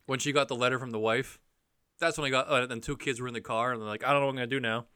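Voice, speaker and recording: A young man talks fast in a casual film discussion, blunt and a bit profane as he steers his co-hosts. His voice is bright and close, recorded dry with no room around it. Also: medium pitch, fairly even intonation, clear, resonant tone, no echo. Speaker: podcast co-host.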